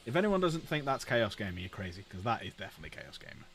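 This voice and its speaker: A man's voice: on the low side, sing-song, fast, creaky, fairly bright tone. A man hosting a casual live stream, chatty and jokey, often repeating himself. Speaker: streamer host.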